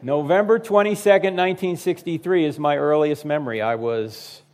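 A public speaker in his fifties, his voice on the high side and at normal speed, gives a humorous talk to a live audience. He speaks directly to the crowd and animatedly acts out the voices of the people in his stories.

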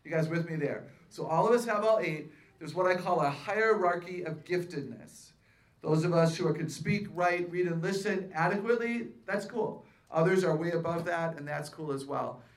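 A woman addressing a live audience at a faith-based seminar. She talks in a lively way, keeps asking the crowd questions, and pokes fun at herself. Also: lowish voice, moderate pace. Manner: playful self-mocking humor. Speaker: seminar speaker and author.

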